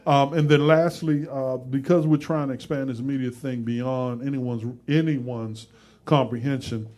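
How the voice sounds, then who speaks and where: A man's voice: medium pitch, fairly even intonation, measured pace, darkish tone. A man hosting a live talk show, chatting casually and joking, with loose conversational phrasing. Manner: joking and playful, breaks into laughter.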